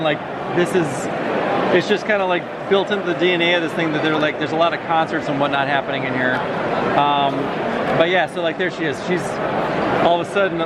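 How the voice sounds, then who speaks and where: A man, a comic artist, talking eagerly and rambling with many fillers in a casual convention interview. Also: a little high. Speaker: comic book artist guest. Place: busy convention hall. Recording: loud crowd and hall noise.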